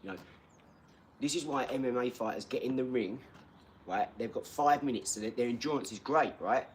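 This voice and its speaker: A man's voice: mid-range voice, fairly quick, a little hiss or hum. A man in his forties hosting a livestream, chatting casually and rambling, often asking "do you know what I mean.". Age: 40s. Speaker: livestream host. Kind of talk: casual chat, reading out viewer comments.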